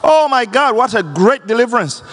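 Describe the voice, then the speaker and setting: High-voiced man preaching in a reverberant hall. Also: very animated, moderate pace, fairly bright tone. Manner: impassioned preaching, swinging between high and low registers. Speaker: pastor. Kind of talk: sermon. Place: large church hall. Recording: long church reverb.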